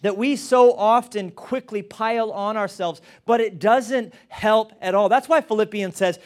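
A middle-aged man preaching a sermon as pastor, animated, often repeating words as he stresses a point. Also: high voice, normal speed, hardly any pauses.

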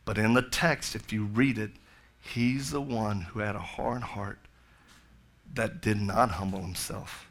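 A man's voice: on the low side, unhurried, fairly bright tone. A middle-aged male pastor preaching a sermon, telling a story with jokey asides and then building to fervent appeals.

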